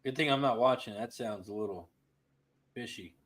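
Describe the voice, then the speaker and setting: A man co-hosting a casual live football stream, adding wry quick asides. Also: medium pitch, a bit bright. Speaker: podcast co-host.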